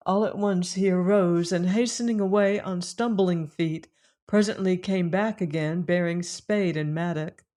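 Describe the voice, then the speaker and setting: A man narrating a classic novel in a measured, solemn reading voice. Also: high-pitched, steady tone, darkish tone. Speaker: audiobook narrator.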